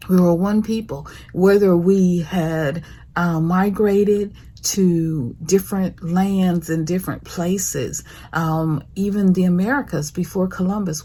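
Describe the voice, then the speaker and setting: Woman host, low husky voice, unhurried, whispery affectionate monologue. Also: warm tone. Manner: slow, breathy, drifts into whispers; affectionate, calls listeners honey and baby. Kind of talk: prophetic motivational monologue.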